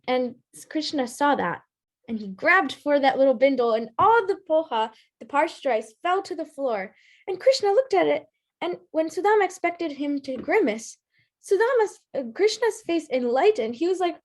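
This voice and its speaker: A woman telling a story at a live storytelling performance, animated and lively, with small restarts. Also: high voice, moderate pace.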